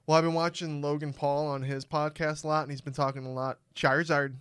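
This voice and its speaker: Young male podcast co-host, jokey and playful, slightly high voice. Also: flat delivery, fairly quick, fairly bright tone, clean tone. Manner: playful joker who slips into silly voices. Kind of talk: casual chat.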